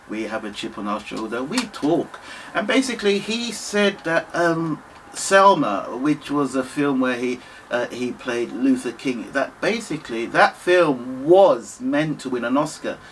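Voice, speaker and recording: A British man in his fifties, giving an earnest, impassioned monologue to camera, halting often and restarting his sentences. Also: medium pitch, animated, a bit bright, slight background noise, poor audio. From United Kingdom, Nigerian family. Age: 50s. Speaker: vlogger.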